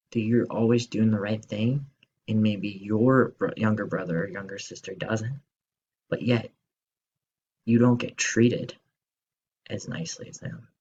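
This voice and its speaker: A male teacher telling a story to children in an expressive, slow storytelling manner. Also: on the low side, husky, highs cut off.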